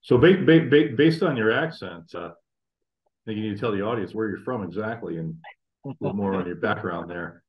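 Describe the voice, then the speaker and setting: A man's voice: on the low side, normal speed, muffled recording. A man hosting a casual interview, asking stumbling questions with restarts. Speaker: podcast host.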